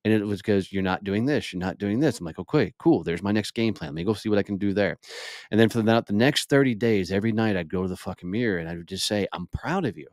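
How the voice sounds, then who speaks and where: A man's voice: on the low side, fast, a little mellow, dry recording, clean studio sound. Blunt, profane man telling his story. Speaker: podcast guest. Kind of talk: candid storytelling interview.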